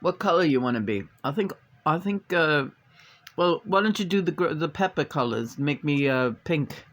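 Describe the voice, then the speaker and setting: A man with a somewhat high voice chats playfully through a tarot reading. He rambles and hesitates, restarting his thoughts, and now and then breaks into a silly meowing sing-song. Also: expressive, normal speed, a bit bright. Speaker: tarot reader. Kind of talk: casual rambling chat.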